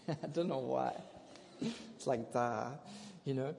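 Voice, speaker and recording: A man preaching a sermon. He swings from hushed to loud, laughs often, and. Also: medium pitch, slow, vocal fry, a little hiss or hum. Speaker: pastor. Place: church hall. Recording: long hall reverb.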